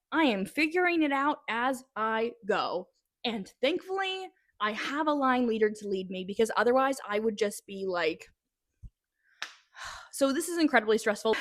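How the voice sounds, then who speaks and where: A woman's voice: fairly high pitch, no echo. Chatty young woman vlogger, dry sound. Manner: animated, breathless retelling with many "like"s and restarts. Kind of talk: casual storytelling to camera.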